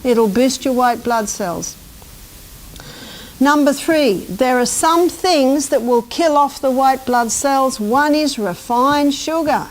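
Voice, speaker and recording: A woman's voice: high voice, slow, slight background noise. A middle-aged woman giving a chatty, anecdotal health lecture to a live audience and asking them questions. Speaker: health presenter.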